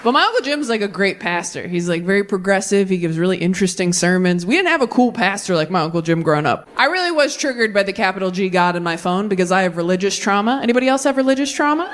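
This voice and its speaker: A woman's voice: mid-range voice, animated, fast, few pauses. A woman in her thirties doing a brutally honest, self-deprecating stand-up set into a handheld mic on a comedy stage. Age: 30s.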